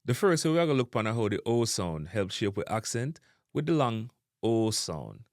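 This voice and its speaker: A man with a Jamaican accent hosting a pronunciation lesson, slowly and deliberately demonstrating vowel sounds. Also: fairly low pitch, very animated, no echo, clean studio sound. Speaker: language teacher and channel host.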